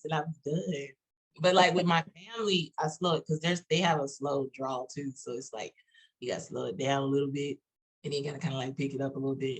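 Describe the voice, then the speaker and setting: A woman from Texas with a Texas accent, talking casually on a panel in a halting way with many restarts and fillers. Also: deep voice, breathy edge, rough recording.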